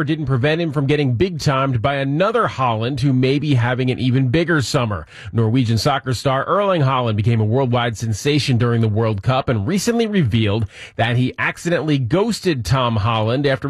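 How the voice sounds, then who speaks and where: A man's voice: medium pitch, no room sound, studio quality. A man presenting a light news segment on a morning radio show, upbeat and lightly amused. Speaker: radio entertainment segment host. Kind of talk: reading news items and bantering. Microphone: studio mic.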